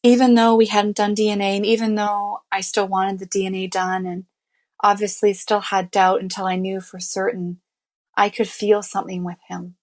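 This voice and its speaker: A woman speaks as an interview guest, recounting a deeply personal story in a candid, earnest way. Her talk is loose and conversational, scattered with "you know" and "I mean." She sounds emotionally close to what she describes, as if reliving it while she speaks. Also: little pitch movement, moderate pace. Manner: emotional, reliving events as she tells them.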